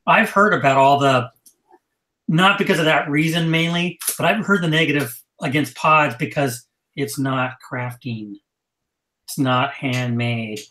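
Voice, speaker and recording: A man's voice: a little high, measured pace, bright, forceful tone. Joking man in an echoey room. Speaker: podcast co-host. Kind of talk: casual chat.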